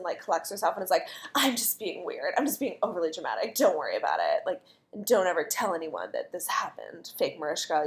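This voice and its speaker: A woman co-hosting a podcast, casually recapping a TV episode and swearing freely as she acts out the characters' lines. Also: medium pitch. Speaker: podcast co-host.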